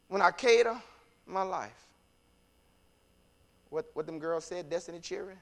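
Preacher, male, very high and bright tone, soft halting reading that rises to forceful sermon delivery. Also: vocal fry.

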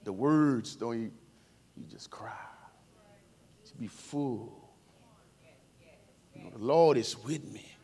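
A man delivers a sermon at a church service in a medium-pitched, slightly rough voice, speaking slowly with frequent pauses. Casual and heartfelt, he shifts from tender softness to booming calls at the congregation and throws in playful remarks.

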